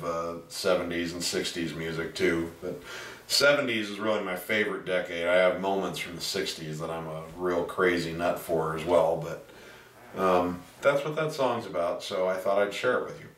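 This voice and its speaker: A man's voice: low voice, fairly bright tone. A pianist and singer talking casually to his video blog viewers, rambling and self-deprecating, with stammered restarts. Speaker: pianist and singer, music teacher. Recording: roomy sound from a distant mic.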